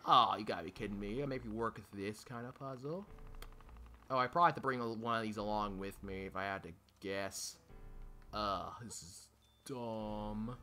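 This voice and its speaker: A man's voice: mid-range voice, pushed and bright. A young man commenting as he plays a video game, talking to the game, swearing and pleading in frustration. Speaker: gaming channel host. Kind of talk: let's play commentary.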